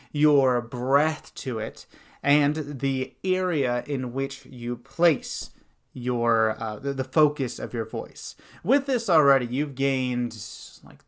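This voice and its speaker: A man hosting a tutorial as a dungeon master, animated and breaking into demo voices as he explains. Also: medium pitch. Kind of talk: instructional video.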